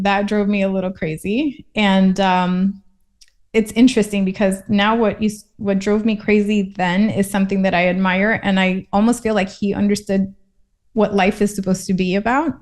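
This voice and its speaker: A woman's voice: mid-range voice, steady tone, normal speed, a little mellow. A woman from Puerto Rico, a guest in a casual interview, talking in a reflective, thoughtful way.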